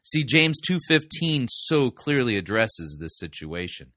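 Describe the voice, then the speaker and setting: A man reviewing a sermon in measured, pointed commentary, letting his voice drop low on key points. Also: very animated, pushed and bright, no echo, clean studio sound. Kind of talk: critical commentary.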